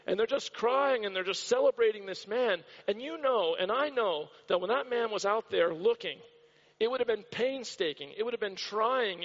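A man from the United States preaching a sermon in a church, telling a story with dramatic repetition. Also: high-pitched. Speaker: pastor. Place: church hall. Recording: dull recording with long hall reverb.

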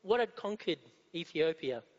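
A male preacher delivers a sermon, throwing rhetorical questions out to the congregation and driving his points home through repetition. His voice sits high for a man. The recording is dull and muffled, with a long reverb trailing off in a hall. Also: expressive, normal speed.

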